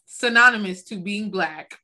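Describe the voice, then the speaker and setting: A young woman with a North Carolina accent co-hosting a podcast, talking in an animated, opinionated way and laughing easily. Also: mid-range voice, measured pace. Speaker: podcast co-host. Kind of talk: casual chat.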